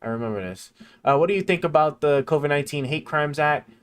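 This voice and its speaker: A man streaming casually, rambling and stammering with many fillers as he reads and thinks aloud, dropping quieter while he reads and perking up again. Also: fairly high pitch, fast, clean tone. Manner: drifts quieter when reading to himself, then perks up.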